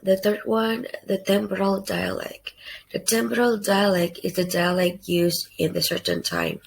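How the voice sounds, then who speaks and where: A young woman giving a read class presentation in careful, halting short phrases. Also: medium pitch, animated, gravelly, a little hiss or hum, poor audio. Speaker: student presenter.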